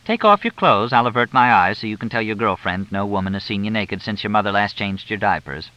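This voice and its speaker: A man's voice: on the low side, expressive, bright, forceful tone. A man doing a bossy older grandmother. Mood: brisk. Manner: brisk, bossy, matter-of-fact. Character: blunt older wealthy woman, mother and grandmother. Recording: dull lo-fi dry recording.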